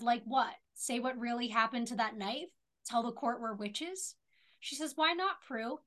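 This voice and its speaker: A woman's voice: fairly high pitch, a bit bright. A young woman co-hosting a podcast, retelling a TV episode scene by scene and reading out the dialogue in a casual chat. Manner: retells scenes at length, reading out dialogue with many "she says". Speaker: podcast co-host.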